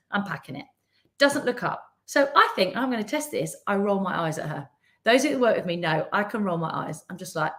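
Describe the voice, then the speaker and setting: A middle-aged woman, telling a story in a live business talk and acting out the people in it. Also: medium pitch. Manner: animated storytelling with quoted voices. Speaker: business coach.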